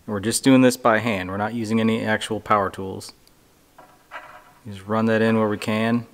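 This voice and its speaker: A man hosting a hands-on repair tutorial, walking through each step in a relaxed way with dry, sarcastic asides. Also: on the low side, normal speed. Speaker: DIY motorcycle repair tutorial host. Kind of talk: casual how-to walkthrough.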